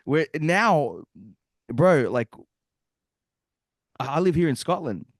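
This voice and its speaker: A young man with a mixed Australian and Bosnian accent talks as a guest musician, tumbling through tangents and asking whether he makes sense. His voice rises and falls with lively swings. The sound is close and dry, with no room around it. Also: fairly high pitch, slow pace, dry recording. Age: young adult. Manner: rambling, animated, asks if he makes sense. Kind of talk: casual interview chat.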